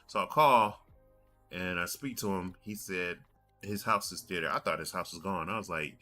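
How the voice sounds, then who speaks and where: A man's voice: sits low, normal speed, sharp tone, faint music behind. A man in his forties telling a rambling story on his gaming podcast, doubling back and repeating himself as he goes. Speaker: podcast host. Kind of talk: casual podcast monologue.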